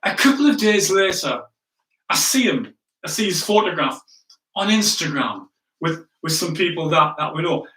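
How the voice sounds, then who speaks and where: Preaching in an echoey room well away from the microphone, this male pastor speaks at a moderate pace with a fairly high, very animated, slightly bright voice. His storytelling is chatty and self-deprecating, peppered with "right?" check-ins.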